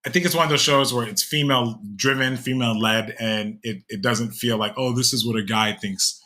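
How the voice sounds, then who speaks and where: A man's voice: mid-range voice, steady tone, a little fast, pushed and bright. Chatty young man rambling between restarts. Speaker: podcast co-host. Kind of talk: casual chat.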